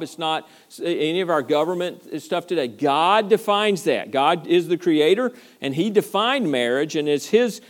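A pastor preaching a sermon in an earnest, emphatic manner, with frequent repetitions and playful asides. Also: male voice, medium pitch.

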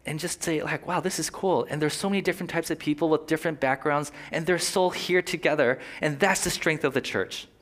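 A pastor preaches in a loose, talkative, animated way, his voice a little high for a man. He keeps breaking off into quick asides and short laughs.

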